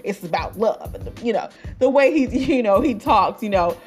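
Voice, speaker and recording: A woman's voice: mid-range voice, animated, moderate pace, faint music behind. A woman hosting a podcast, reviewing an album in loose casual chat, full of fillers and asides. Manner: chatty, many fillers and asides, laughs at her own jokes. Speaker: podcast host.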